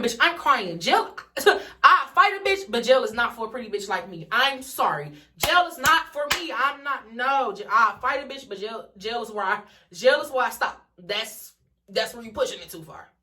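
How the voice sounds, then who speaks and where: A young woman vlogger from Detroit tells a wild story straight to camera, her voice sitting a little high and sounding bright and forceful. She swears freely and jumps into everyone's lines as she goes. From Detroit, USA. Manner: animated, swears freely, acts out the dialogue. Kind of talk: casual storytime vlog.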